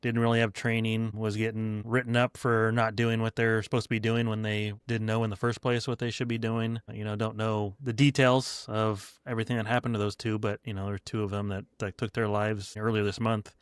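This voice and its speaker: Low, smooth, level-voiced man. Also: flat delivery, no room sound, studio quality. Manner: measured, reflective, with many fillers. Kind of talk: casual podcast talk.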